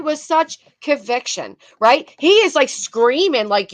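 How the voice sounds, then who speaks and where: A woman's voice: high voice, lively intonation, unhurried, few pauses, dry recording. A woman hosting casual commentary on video clips, blunt and swearing, talking to her chat between clips. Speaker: commentary host.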